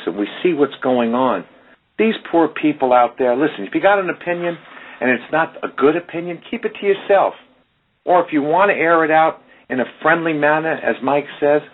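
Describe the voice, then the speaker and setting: Emphatic man with a husky voice on the radio. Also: medium pitch. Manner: emphatic, preachy, addresses listeners directly. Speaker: radio show host. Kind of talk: casual radio talk. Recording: tinny phone-line radio audio.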